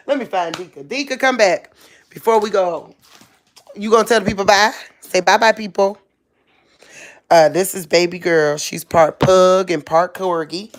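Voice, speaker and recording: A woman vlogger talking casually to camera at home, laid-back and chuckling, in loose everyday speech. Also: fairly low pitch.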